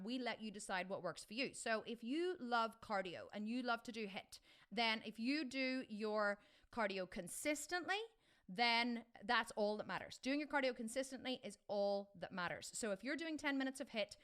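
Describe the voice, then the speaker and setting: Woman fitness coach, middle-aged, casual live Q&A, rambling and upbeat, fairly high voice. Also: a bit bright. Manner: enthusiastic, chatty, rambling with restarts.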